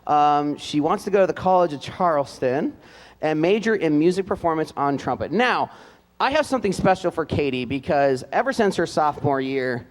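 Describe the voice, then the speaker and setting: A man's voice: on the high side, expressive, normal speed. A man announcing seniors at a live school band event, reading their notes aloud with fillers and light joking asides. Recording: long hall reverb.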